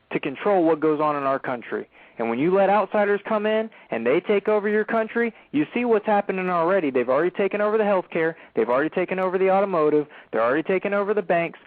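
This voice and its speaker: Emphatic talk-radio host, phone-like sound. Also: male voice, high-pitched, expressive, fast talker, no room sound. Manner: emphatic, preachy, addresses listeners directly.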